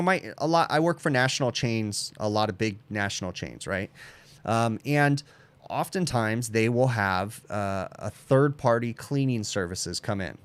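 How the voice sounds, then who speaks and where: A man's voice: mid-range voice, clean tone, dry recording. A man hosting a casual livestream Q&A, blunt and opinionated, tacking "okay?" onto his points. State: sleepy, yawning. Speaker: HVACR channel host answering chat questions.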